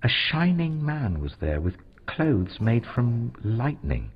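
A man's voice: medium pitch, very animated, slow, husky. A man narrating a children's Bible storybook in a dramatic, swooping storytelling manner. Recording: dull lo-fi recording.

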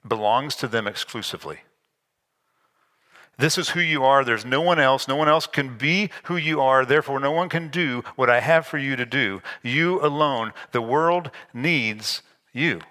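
Explaining scripture in a relaxed, conversational style, this pastor delivers a sermon sprinkled with jokes at his own expense. His voice is mid-range with a sharp tone.

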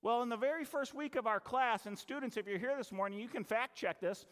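A male pastor preaching a sermon, telling a story with acted-out dialogue and dramatic pauses. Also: very high voice, fairly bright tone. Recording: long hall reverb.

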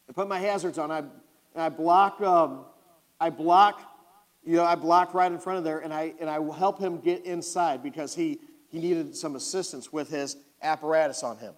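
A man, preaching and telling a story from his own life, asking the congregation questions directly. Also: high voice. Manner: animated, talks to the congregation directly. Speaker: pastor. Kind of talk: sermon storytelling. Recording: long hall reverb.

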